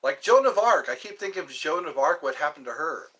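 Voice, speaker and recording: A man's voice: on the high side, lively intonation, brisk, pushed and bright, breathy edge, rough recording. A man hosting a live stream, rambling casually and answering viewers' comments.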